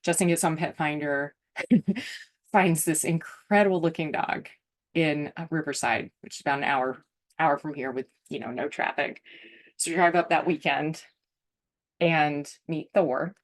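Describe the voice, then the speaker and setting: A woman's voice: low-pitched, unhurried. A woman host telling a personal story in a casual, chatty way, full of "like" and "um", and openly emotional. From United States. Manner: chatty, lots of fillers like "like" and "um", emotional.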